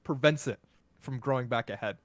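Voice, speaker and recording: A man's voice: medium pitch, fairly quick, dry recording. Laid-back man running a tabletop game. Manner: laid-back, filler-heavy narration with frequent laughs. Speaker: game master.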